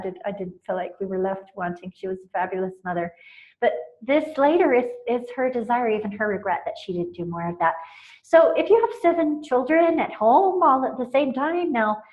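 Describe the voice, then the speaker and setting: A woman in her forties, a parenting mentor, giving earnest, emotional tips on connecting with children, often laughing and restarting her sentences. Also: a little high. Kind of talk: informal talk on parenting tips. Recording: muffled lo-fi recording.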